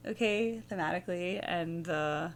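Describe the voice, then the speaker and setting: A woman's voice: on the low side, a little slow. Rambling woman host musing aloud. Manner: musing, rambling, hums melodies. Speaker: music reaction host. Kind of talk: casual reaction chat.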